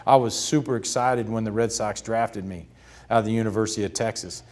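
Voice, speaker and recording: A man in his fifties, a retired pitcher, telling stories in an interview and laughing as he goes. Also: steady tone, a little fast, a little mellow. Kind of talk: storytelling in a sit-down interview.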